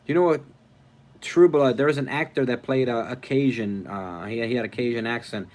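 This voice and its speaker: A man hosting a casual live stream, reading viewer comments aloud, rambling and thinking out loud as he goes. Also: medium pitch, normal speed. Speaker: livestream host.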